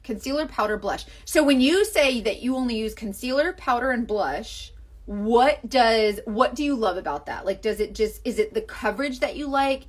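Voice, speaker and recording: A young Southern American woman with a Southern accent, chatting on a makeup livestream in a gushing, rambling way, full of fillers. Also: mid-range voice. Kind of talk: casual livestream chat and makeup demo.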